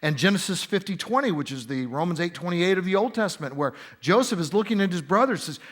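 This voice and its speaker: Lively high-voiced man explaining scripture. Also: quick pace. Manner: animated, explaining scripture with emphatic asides. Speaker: interview guest, Bible teacher. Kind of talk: conversational interview answer. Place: conference center.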